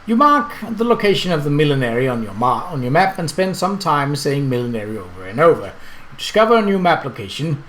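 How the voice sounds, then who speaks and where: A man casually commenting on his gameplay and reading the game's text aloud, chatty and quick to correct himself. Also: on the high side, big pitch swings, fairly bright tone, slight background noise. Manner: chatty, self-correcting, laughs at the game. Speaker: let's play host.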